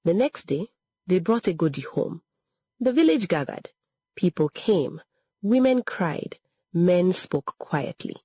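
A woman narrates a dramatic story slowly and deliberately, in a low, husky voice. Her pitch rises and falls a great deal, and the recording is dry and close. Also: sing-song, warm tone, dry recording. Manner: dramatic, measured.

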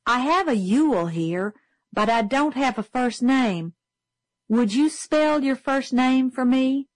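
A woman's voice: high voice, expressive, slow pace, no echo, voice pushed up, rough recording. A woman voicing a flustered young schoolteacher in a storybook reading, prim and anxious.

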